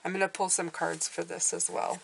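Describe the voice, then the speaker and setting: A woman's voice: lowish voice, flat delivery, fairly quick, gravelly, a little hiss or hum. A middle-aged woman giving a casual tarot reading, chatty and reassuring, often checking in with "okay?". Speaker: tarot reader.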